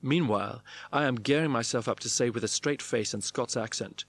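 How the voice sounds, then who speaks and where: Brief: man narrating a memoir, clipped, dry diary phrasing, mid-pitched voice. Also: fairly quick, hardly any pauses, no echo. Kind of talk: reading a memoir diary aloud.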